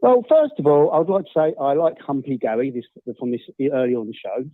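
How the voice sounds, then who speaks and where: A man's voice: medium pitch, very animated, fairly quick, no room sound. A man phoning in to a football fan show, asking earnest questions. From England. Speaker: caller. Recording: tinny phone line.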